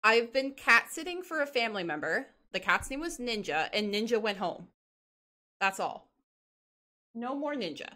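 A woman's voice: on the high side, big pitch swings, normal speed, sharp tone. A woman streaming a game, chatting casually and bubbly with her chat, laughing often.

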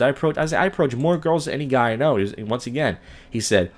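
A man's voice: medium pitch, expressive, fast talker. A young man hosting a solo podcast, rambling through a long story and acting out the people he quotes. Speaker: podcast host.

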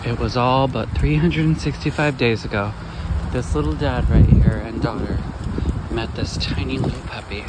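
A man's voice: mid-range voice, moderate pace. A man hosting a family vlog, chatting upbeat to the camera. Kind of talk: casual vlog narration. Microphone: handheld phone camera. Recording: noisy phone video audio.

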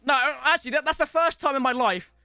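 A young man commentating casually over a football video game, excitable and swearing, with sudden shouts and mutters. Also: very high voice, quick pace, slight background noise. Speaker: gaming streamer.

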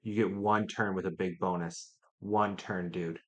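Low-voiced man muttering game commentary. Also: unhurried. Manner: excitable, trash-talking, muttering to himself. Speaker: gaming streamer. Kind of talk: live gameplay commentary.

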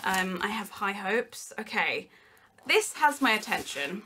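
A young woman chatting excitedly while unboxing, gushing and giggly with lots of exclamations. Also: medium pitch, measured pace, slight background noise. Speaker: unboxing vlogger.

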